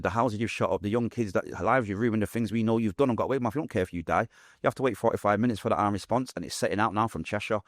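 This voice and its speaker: A young adult man with a Manchester accent, telling his own story as a podcast guest, fast and vivid, acting out what people said. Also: fairly low pitch, no echo, studio quality. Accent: Mancunian English. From Manchester, England.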